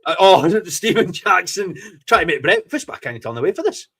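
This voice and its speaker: Excitable Scottish man gloating over football. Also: high-pitched, brisk, husky. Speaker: fan podcast host. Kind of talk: live football match reaction.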